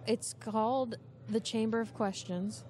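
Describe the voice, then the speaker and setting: A woman's voice: on the high side, fairly even intonation, a little slow, dark tone. A woman hosting a podcast quiz, chatting casually and laughing easily from a couch in a busy venue. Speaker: podcast host running a movie quiz. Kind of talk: casual chat.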